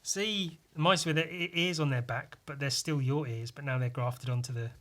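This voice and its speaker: A man's voice: fairly high pitch, moderate pace, a bit bright. A young man casually talking over his old comic, self-mocking and swearing. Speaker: vlogger. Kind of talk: casual commentary.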